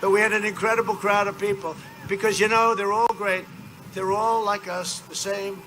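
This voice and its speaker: A man's voice: high voice, level tone, normal speed, bright, forceful tone. Male politician at an open-air rally, rambling and boastful, noisy outdoor recording. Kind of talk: campaign rally speech.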